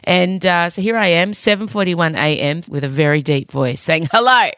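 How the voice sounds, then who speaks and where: Woman, middle-aged, podcast host: chatty comic monologue with playful pitch swings, fairly low voice, dry close mic. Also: fairly even intonation, normal speed, fairly bright tone, no echo. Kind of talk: casual comedic monologue.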